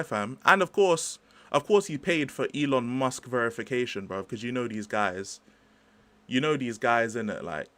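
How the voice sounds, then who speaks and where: During a laid-back football stream, the young host rambles chattily in slang and keeps interrupting himself with comments to his chat. His pitch is ordinary and mid-range, his tone fairly bright.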